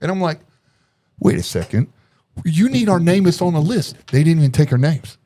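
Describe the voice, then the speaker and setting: A man's voice: fairly high pitch, animated, normal speed, mellow. A man telling a long story as a podcast guest in casual chat, acting out quoted voices and laughing often.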